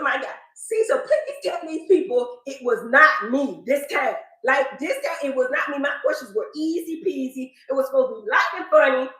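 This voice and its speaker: A woman's voice: high voice, a bit bright, roomy sound, low-quality recording. A woman giving a reality TV confessional about a fight. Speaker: reality TV cast member. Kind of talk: confessional interview.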